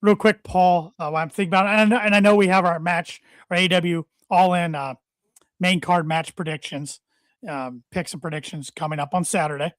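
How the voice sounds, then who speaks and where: A man co-hosting a casual wrestling podcast, talking in a halting way and often repeating his words. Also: sits high, steady tone, fairly bright tone, dry recording, clean studio sound. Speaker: podcast co-host.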